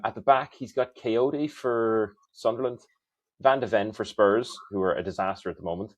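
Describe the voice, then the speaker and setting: Teasing man giving brisk rundowns. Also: fairly low pitch, a little mellow, dry recording. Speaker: fantasy football podcast co-host. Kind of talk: casual podcast chat.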